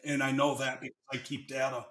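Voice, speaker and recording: A man's voice: medium pitch, flat delivery, quick pace, a bit bright. Enthusiastic American man, roomy sound. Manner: enthusiastic, chatty, salesy. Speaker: guest, financing consultant. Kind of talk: casual interview chat.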